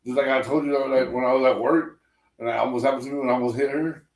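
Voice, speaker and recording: A man in a casual livestream chat, telling stories in a blunt, profane, halting way. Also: medium pitch, fairly even intonation, far from the mic, slight background noise. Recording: echoey room, voice off-mic.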